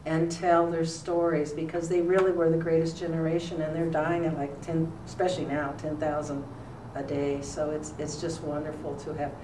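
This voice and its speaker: Older woman interviewee, low-pitched, chatty and rambling; roomy, far-off mic, faint hiss. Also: flat delivery, normal speed. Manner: rambling, warm anecdotes with many fillers. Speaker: interviewee, retired newspaper columnist. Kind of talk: relaxed storytelling in an interview. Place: school room.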